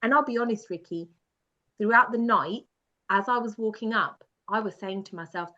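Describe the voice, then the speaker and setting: A woman guest telling a personal story in a lively, self-mocking way, often laughing as she goes. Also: mid-range voice, moderate pace. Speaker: podcast guest. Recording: dull lo-fi sound.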